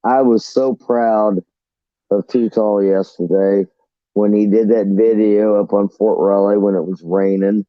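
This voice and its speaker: A man's voice: lowish voice, fairly even intonation, unhurried, no room sound, highs cut off. A man casually telling rambling, profane stories about his navy days on a live chat.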